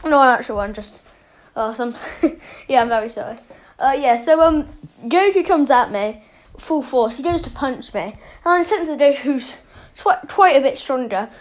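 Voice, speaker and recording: High-voiced woman telling a rambling story. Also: expressive, normal speed. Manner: rambling, with many fillers and self-corrections. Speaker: channel host. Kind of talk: casual made-up storytelling.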